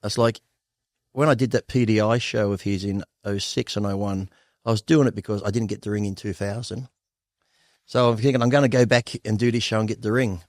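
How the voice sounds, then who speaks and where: A man's voice: on the low side, steady tone, a little fast, darkish tone, no room sound, studio quality. An Australian man in his fifties telling candid stories as an interview guest, blunt and profane, often laughing. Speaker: guest bodybuilder.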